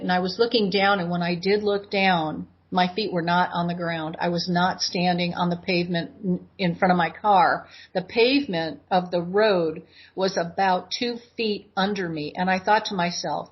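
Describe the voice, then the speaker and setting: Husky woman in her sixties, lo-fi. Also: on the low side, moderate pace. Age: 60s. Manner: animated retelling that acts out her own past words. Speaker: guest. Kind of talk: personal storytelling in interview. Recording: dull lo-fi audio.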